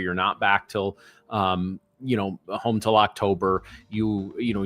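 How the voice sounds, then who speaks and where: A man's voice: on the low side, a bit bright. A man from the St. Louis area, co-hosting a stream and telling rambling stories in casual chat. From St. Louis area, USA. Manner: rambling, repeats words while telling stories. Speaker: co-host of live trading show.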